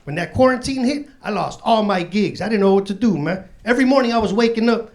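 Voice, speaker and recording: On a club stage, a Chicago South Side man in his forties performs stand-up with loose, profane street talk, laughing through his punchlines. His voice is high-pitched and fast with lively intonation. The live set carries crowd noise and audience laughter.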